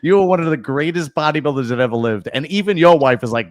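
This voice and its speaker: A man hosting a casual chat, easygoing and quick to laugh. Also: fairly high pitch, expressive, dry recording. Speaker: host.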